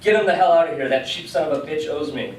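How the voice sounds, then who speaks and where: Guy reading grumpy old bearded village man yelling threats, echoey room, far mic. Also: fairly high pitch, animated, quick pace, pitched above the performer's own voice, lightly acted. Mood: angry. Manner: shouting, threatening. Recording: echoey room, distant mic, background noise.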